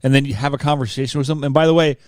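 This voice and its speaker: A male co-host at an average pitch, needling his partner with short, dry jokes and laughing along. The recording is close and dry, with no room sound. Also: fairly even intonation, rapid-fire, darkish tone, no echo. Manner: teasing, dry one-liners. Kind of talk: casual banter.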